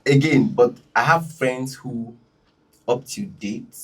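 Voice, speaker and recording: A panel guest in a casual discussion who agrees often and chimes in quickly. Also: mid-range voice, slightly rough, rough recording.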